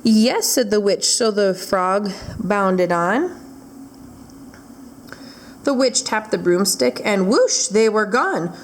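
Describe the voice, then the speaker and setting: A woman reading a rhyming picture book aloud for a library storytime. Her pace is slow and deliberate, following the rhythm of the verse. A faint room ambience sits behind her voice. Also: medium pitch, expressive, slight background noise.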